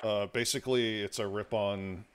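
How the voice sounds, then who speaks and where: A man streaming a team shooter game, casually explaining game details in a relaxed, chatty way on a headset. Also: fairly low pitch, normal speed, smooth. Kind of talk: casual chat during gameplay.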